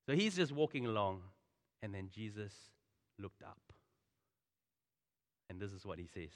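A pastor giving a sermon in a conversational, animated way, full of asides and storytelling. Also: male voice, lowish voice, unhurried. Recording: long hall reverb.

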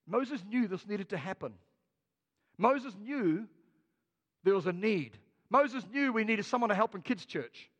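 A man's voice: high-pitched, a little slow, pauses often, in a large hall, dull audio. A man with a New Zealand accent preaching a sermon as a pastor, telling stories with jokes. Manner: storytelling, jokey, lively.

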